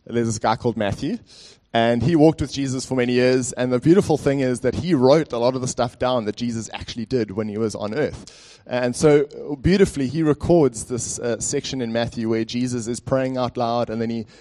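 A man's voice: mid-range voice, darkish tone. A man preaching a sermon as pastor in a church, conversational and speaking directly to the congregation with frequent fillers.

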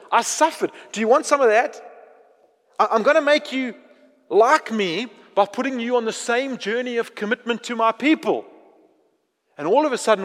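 A male pastor preaching a sermon in an animated way, acting out prayers and then dropping to a quiet, intense tone. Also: very high voice, long reverb tail.

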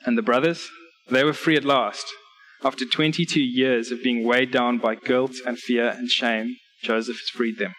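Male preacher in a church service, delivering an earnest sermon with scripture readings and clear numbered points. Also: medium pitch, a bit bright, rough recording. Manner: earnest, direct appeals to listeners.

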